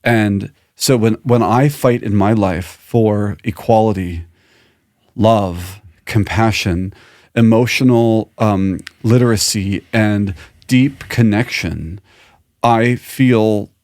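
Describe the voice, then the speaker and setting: A man co-hosting a podcast, talking in a reflective, earnest way with many restarts, and calmly guiding a breathing exercise. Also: lowish voice, slow pace, dry recording. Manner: earnest, thoughtful, trailing restarts; calm guided breathing at close. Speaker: podcast co-host.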